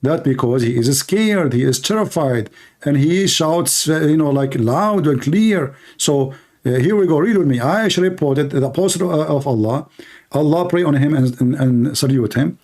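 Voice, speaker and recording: A man's voice: a little high, expressive, moderate pace, a little mellow. A man whose first language is Arabic hosts a live-stream debate in English. He is blunt and mocking and keeps repeating his questions. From Middle East.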